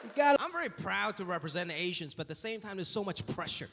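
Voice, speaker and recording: A man doing a stand-up comedy set, telling stories in an animated way and acting out voices. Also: high-pitched, fast, gravelly, heavy background noise. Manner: animated storytelling with acted voices. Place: theater stage with live audience. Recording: roomy hall with crowd laughter. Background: audience laughing.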